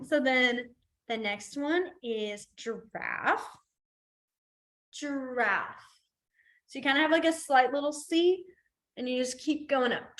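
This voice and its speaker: A woman with a somewhat high voice leads a beginners' class in a library room. She is chatty and pokes fun at herself. She says each word slowly and more than once. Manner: chatty, self-deprecating, repeats each sign name slowly. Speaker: sign language teacher. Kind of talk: live class instruction.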